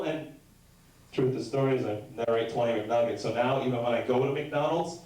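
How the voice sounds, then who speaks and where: A young man performing a stand-up comedy set, telling rambling deadpan stories and breaking into sudden shouted bits. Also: medium pitch, fast talker. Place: comedy club stage. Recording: very echoey room heard from a distance.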